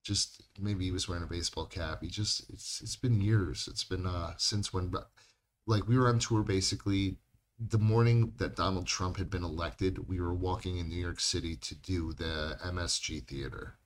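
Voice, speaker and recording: A man's voice: low-pitched, fairly even intonation, moderate pace. A man co-hosting a podcast, telling rambling, profane stories in casual chat. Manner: rambling, swears a lot. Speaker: podcast co-host.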